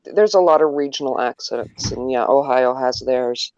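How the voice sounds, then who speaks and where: A woman's voice: a bass voice, moderate pace, darkish tone, no room sound, muffled recording. A woman from Canada co-hosting a casual chat, telling stories with lots of stammered repeats. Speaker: podcast co-host.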